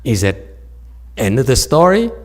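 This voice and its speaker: This Buddhist meditation teacher has a sing-song, mid-range voice and a moderate pace. His informal dharma talk mixes storytelling with humor and frequent laughter, and he talks directly to those listening.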